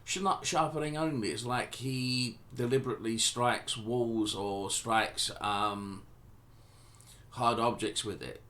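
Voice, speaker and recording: A man's voice: medium pitch, fairly even intonation, slow, fairly bright tone. A man running a tabletop game as game master, narrating loosely with frequent ums and restarts.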